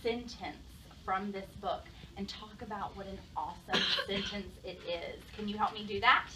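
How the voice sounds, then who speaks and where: A young adult woman teaches a lesson to young pupils in a classroom, asking lots of questions and praising their answers. Her voice is medium in pitch with fairly even intonation at a normal speed. The recording comes from a distant mic amid classroom noise.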